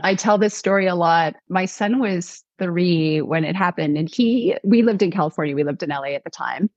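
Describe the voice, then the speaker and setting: Husky woman telling a lively story. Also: fairly low pitch, normal speed, no room sound, dull audio. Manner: animated, acts out quotes. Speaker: guest author. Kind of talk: conversational storytelling.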